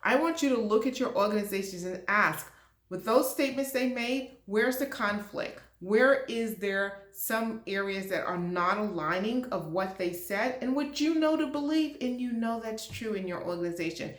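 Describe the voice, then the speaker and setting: A woman's voice: a little high, animated, normal speed, echoey room. A woman speaking as an HR and diversity leader, talking to camera in a passionate, emphatic rant. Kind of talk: direct-to-camera talk.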